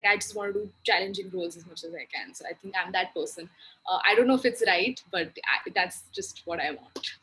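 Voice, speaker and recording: A woman's voice: medium pitch, a little fast, sharp tone, rough recording. A young woman, an actor answering interview questions hesitantly and earnestly. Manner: hesitant, many fillers and restarts, earnest. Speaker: actor guest.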